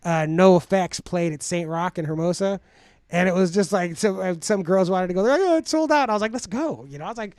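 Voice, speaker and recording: A man's voice: high voice, steady tone, fast, darkish tone, no room sound. Man, casual profane podcast talk, dry close sound. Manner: laid-back, profane, storytelling. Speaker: podcast co-host. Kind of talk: casual chat.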